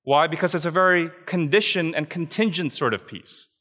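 A man's voice: on the high side, normal speed, bright, forceful tone. Earnest male preacher in a reverberant hall. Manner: earnest, conversational preaching with frequent "right?" asides. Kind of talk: sermon. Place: church hall.

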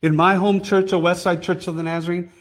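Middle-aged male preacher, slightly high voice, conversational sermon storytelling. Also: level tone, fairly quick. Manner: storytelling, addresses congregation directly with questions. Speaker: district superintendent preaching. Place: church sanctuary.

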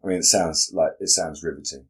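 A man's voice: extremely low pitch, fairly even intonation, fairly quick, a crowd in the background. A British man co-hosting a podcast, asking dry, teasing questions in casual chat. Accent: British English. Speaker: podcast co-host.

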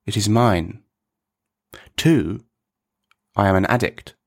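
Brief: male narrator, low voice, measured deadpan storytelling. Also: vocal fry. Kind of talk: scripted narration of a dark comic story.

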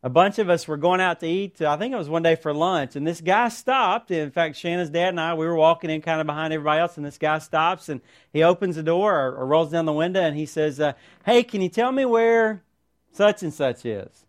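High-voiced man preaching a sermon. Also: fast, hardly any pauses. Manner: earnest storytelling, rhetorical questions to the congregation. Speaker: pastor. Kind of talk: sermon with personal stories.

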